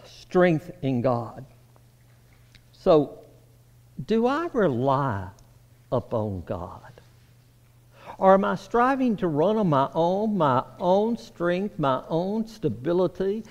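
A man preaching a sermon, swinging between raised, emphatic lines and hushed, low passages. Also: sing-song, slow. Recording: long reverb of a hall.

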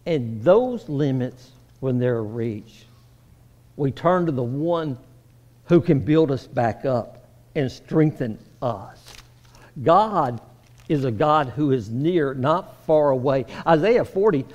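A man preaching a sermon, swinging between raised, emphatic lines and hushed, low passages. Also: animated, slow pace. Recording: long reverb of a hall.

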